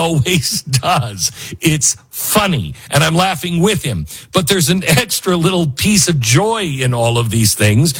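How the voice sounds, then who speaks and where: A talk show host with a husky, slightly breathy voice, pitched a little above most men. He talks in a lively, swinging way, laughing as he makes his points and circling back to hammer them home. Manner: animated, laughs often, repeats himself for emphasis. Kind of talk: opinionated commentary.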